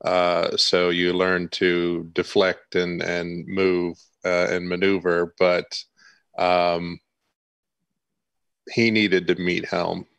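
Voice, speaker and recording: A man's voice: low-pitched, monotone, drawn-out words, vocal fry, a bit bright, clean tone, no room sound. A man playing in a tabletop game, talking hesitantly with fillers. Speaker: player. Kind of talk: casual tabletop play.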